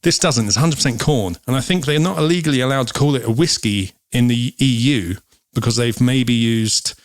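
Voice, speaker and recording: A man's voice: medium pitch, a little fast, no echo. A man co-hosting a whisky show, chatting casually and explaining with lots of ums. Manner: rambling, explaining with many ums. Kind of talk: casual chat.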